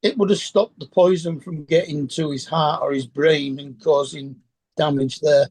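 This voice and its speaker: A man on a video call, chatting casually, mostly murmuring short replies and giving measured explanations. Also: a little high, steady tone, a little mellow, dry recording. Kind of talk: casual chat.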